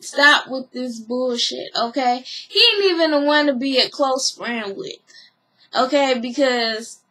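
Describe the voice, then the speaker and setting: Sassy high-voiced woman vlogger. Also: a bit bright. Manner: blunt, slangy, sassy. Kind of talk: casual recap commentary.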